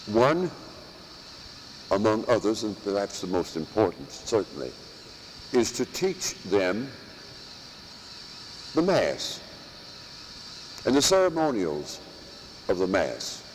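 A priest preaching a sermon in slow, emphatic phrases, with long pauses and pointed rhetorical questions. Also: male voice, fairly low pitch, big pitch swings, in a large hall, slight background noise, poor audio. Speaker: priest teaching at a monastery. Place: church or monastery chapel.

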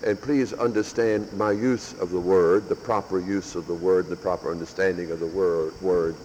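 A man preaching as a parish priest, measured and emphatic, stressing and repeating key words. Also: low voice, fairly even intonation, a little mellow. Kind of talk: sermon with announcements. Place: large church with long reverb. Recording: echoey church hall with faint background noise.

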